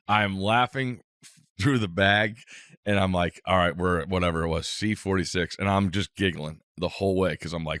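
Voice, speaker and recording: A man's voice: deep voice, steady tone, moderate pace, a bit bright, no room sound, studio quality. A man co-hosting a podcast, telling a rambling, self-amused travel story in casual chat.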